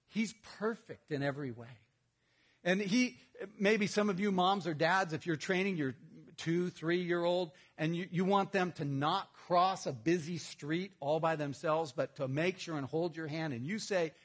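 A middle-aged man, a pastor, preaching a sermon in a conversational, humorous storytelling manner with lively outbursts. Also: a little high, slightly rough.

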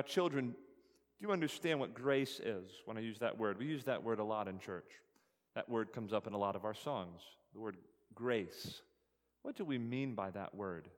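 Speaking at medium pitch in a large hall, a pastor delivers an earnest, emphatic sermon in a church sanctuary. His voice rises on scripture, and he repeats key phrases to drive them home.

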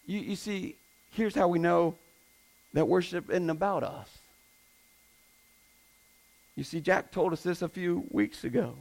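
A male pastor preaching in a high-pitched voice with a gravelly edge. He drives his points home emphatically, repeating key phrases and asking the congregation pointed questions. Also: a little slow, pauses often, darkish tone, rough recording. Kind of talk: sermon.

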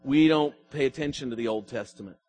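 A man's voice: medium pitch, fast talker, darkish tone. A man preaching a sermon as pastor, his emphasis swelling and falling as he asks the congregation questions.

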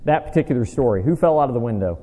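A man's voice: medium pitch, lively intonation, rapid-fire, dark tone. A man preaching a conversational sermon, quizzing his listeners and poking fun at himself. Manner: chatty, asks the audience questions, dry self-deprecating humor. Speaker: preacher teaching a Bible study. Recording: long reverb of a large hall.

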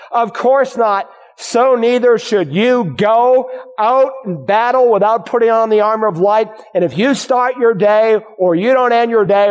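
A man with a high voice preaches a sermon from the pulpit, pressing his points with rhetorical questions. His voice rings out with a long hall reverb. At times he sinks into a hushed prayer. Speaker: pastor.

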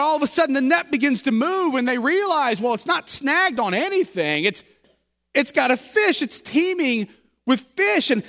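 A man pastor delivers a sermon like a humorous story told to friends. His voice sits very high and sounds bright and forceful. The long reverb of a large church sanctuary trails behind each phrase.

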